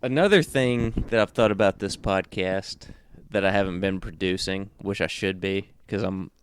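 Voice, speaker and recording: A man's voice: low-pitched, normal speed, a little hiss or hum. A man with a Southern US accent, co-hosting a podcast with casual, crude, joking banter. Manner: joking, teasing, laughs often. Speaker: podcast co-host.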